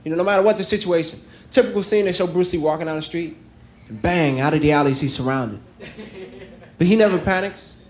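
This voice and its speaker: Young stand-up comic from New York. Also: male voice, a little high, a little fast. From New York City. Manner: conversational joke telling with bursts of acted voices. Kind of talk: stand-up comedy set. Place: comedy club stage with a laughing audience. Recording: crowd laughter and noise.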